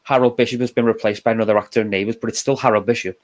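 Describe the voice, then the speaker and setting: A young man with a Liverpool accent, co-hosting a casual film discussion and explaining his views in a measured, thoughtful way. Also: lowish voice, fairly even intonation. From England. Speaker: co-host.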